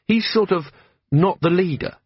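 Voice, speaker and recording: An eager young guardsman, as a man puts him on, high and bright-voiced, polite and keen, adding sir to everything. The voice is slightly husky and comes across dry and dull. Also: measured pace, dry recording. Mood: earnest. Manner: earnest and polite, keeps saying sir.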